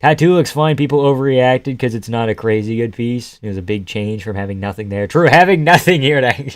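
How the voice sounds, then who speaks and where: A man's voice: mid-range voice, expressive, a little fast, no echo. A young Canadian man casually commenting on fights on a live stream, joking, swearing and laughing as he reacts to chat.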